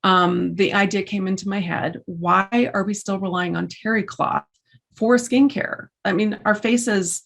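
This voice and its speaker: A woman speaks as an interview guest at a mid-range pitch. She talks casually and tells her stories in an animated, chatty way. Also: a little slow, gravelly. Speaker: guest, entrepreneur and classical musician.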